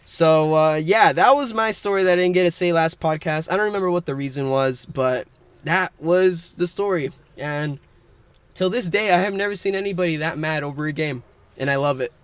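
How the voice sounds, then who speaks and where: A man's voice: a little high, normal speed, smooth, dry recording. A young man co-hosting a casual podcast, rambling through a story and laughing often. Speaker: podcast co-host.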